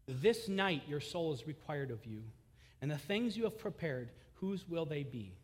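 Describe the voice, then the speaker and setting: A man preaching a sermon as pastor, impassioned, rising loud on key lines and dropping low after. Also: big pitch swings, fairly quick, in a large hall.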